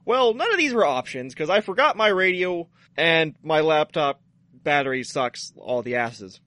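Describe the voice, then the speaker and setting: A man's voice: a little high, sing-song, moderate pace, sharp tone, no room sound. A man co-hosting a podcast, teasing and joking crudely in casual banter. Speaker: podcast co-host.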